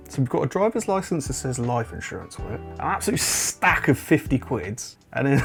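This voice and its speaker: A man's voice: medium pitch, creaky, darkish tone. A man hosting a comedic commentary, wry and incredulous, often breaking into chuckles. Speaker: host.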